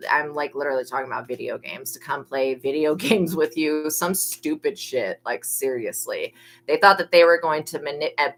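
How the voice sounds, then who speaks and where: A blunt, gossipy young woman giving a tarot reading in a casual monologue and swearing freely. Her voice sits low for a woman yet sounds bright and forceful. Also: rough recording. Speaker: psychic tarot reader.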